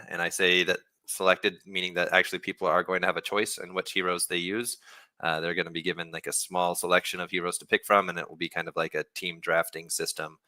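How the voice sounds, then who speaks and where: A low-voiced man with a bright, clear tone walks listeners through a new game feature on a livestream Q&A. He talks in a loose, relaxed way, full of fillers and restarts. The sound is dry and close. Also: dry recording. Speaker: game developer. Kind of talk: livestream Q&A explanation.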